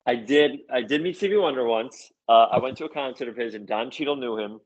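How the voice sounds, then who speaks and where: A man guest chatting casually, animated and enthusiastic, laughing often. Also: medium pitch, a little fast, dull audio. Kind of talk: casual chat.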